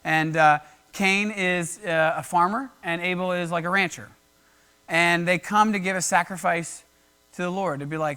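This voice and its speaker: A man's voice: high voice, steady tone, normal speed, bright, forceful tone, clean tone. A man preaching a casual, conversational sermon, telling a Bible story in everyday slang and acting out the characters. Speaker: pastor.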